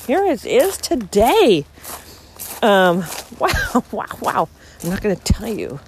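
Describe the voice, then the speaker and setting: Excitable woman chatting on a beach walk. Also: medium pitch, slow pace, slight background noise. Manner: chatty and excitable, lots of ums. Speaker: podcast host. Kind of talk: casual walking monologue. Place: outdoors on a beach.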